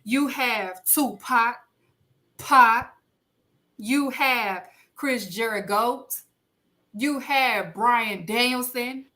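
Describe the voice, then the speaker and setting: A woman's voice: on the high side, very slow, pushed and bright. A woman co-hosting a casual podcast, reading out award winners with playful, emphatic announcing.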